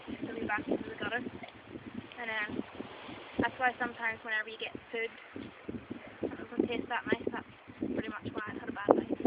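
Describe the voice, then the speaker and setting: Here a Northern Irish woman, her voice on the high side, improvises as a mock expert for a pretend documentary, tacking "right?" onto her points. Her delivery is flat and a little fast, broken by long pauses, and her playful rambling comes through dull lo-fi camera audio over heavy background noise.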